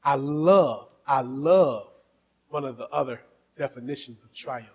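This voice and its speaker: A male pastor preaching a fervent sermon, dropping to soft asides and then rising to shouting as he urges on the congregation. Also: mid-range voice, measured pace, husky, highs cut off. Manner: exhorting the congregation.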